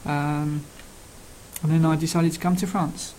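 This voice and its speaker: Older Cockney man, halting and plain. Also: fairly high pitch, flat delivery, warm tone, slight background noise, rough recording. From London, England. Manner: halting, plain-spoken, pausing often mid-sentence. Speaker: television sports researcher. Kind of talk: casual self-introduction.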